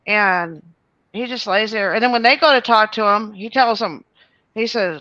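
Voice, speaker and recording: Animated woman telling a story. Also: on the high side, normal speed, no room sound, lo-fi sound. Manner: animated, many fillers and restarts. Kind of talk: rambling storytelling.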